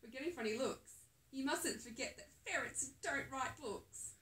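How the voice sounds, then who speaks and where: A teasing big-brother ferret from a storybook, matter-of-fact and a little bossy, as a woman reads him. The voice stays high and bright. It sounds roomy and distant, as if from a phone across the room. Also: normal speed. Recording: echoey room, phone held away.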